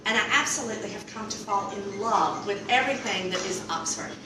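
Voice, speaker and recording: A woman with a Mississippi Southern accent telling a comic story in a casual, animated drawl, with sudden loud exclamations when she quotes herself. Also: medium pitch, brisk. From Mississippi Delta. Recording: roomy, distant mic, clear background noise.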